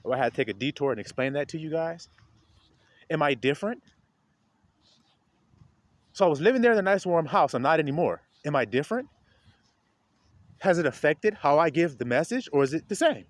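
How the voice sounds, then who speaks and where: A man with a high, lively voice preaches to his viewers from outdoors among the trees. He talks straight at them, his voice swinging up and down, and climbs to a loud preaching pitch. It sounds like a phone held as he walks. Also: brisk, long pauses, no room sound. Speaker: street preacher. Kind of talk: informal outdoor video sermon.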